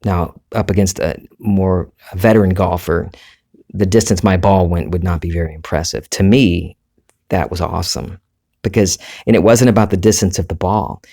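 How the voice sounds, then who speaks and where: A man with a Southern US accent and a low, deep voice hosts his own podcast. He talks at an easy, unhurried pace, musing aloud and correcting himself as he goes. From Southern United States. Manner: relaxed, conversational, rambling with self-corrections. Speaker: podcast host. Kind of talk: reflective solo podcast monologue.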